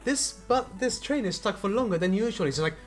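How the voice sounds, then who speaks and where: A man's voice: high-pitched, expressive, brisk, over loud music. A man co-hosting a film podcast, joking casually with hesitant restarts. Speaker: podcast co-host. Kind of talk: casual chat about films.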